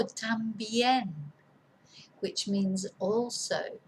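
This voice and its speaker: A woman teaching Spanish spelling at a deliberately slow, careful pace, dictating each word twice. She spells words out letter by letter and drifts into friendly asides. A faint hiss of background noise sits under her voice. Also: medium pitch, animated, rough recording.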